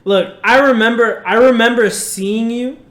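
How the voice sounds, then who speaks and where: A man's voice: very high voice, measured pace. A young man co-hosting a podcast who chats casually, teases his friend and jumps in with questions. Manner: teasing, jumps in with questions, laughs easily. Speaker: podcast co-host. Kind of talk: casual banter. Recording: roomy echo.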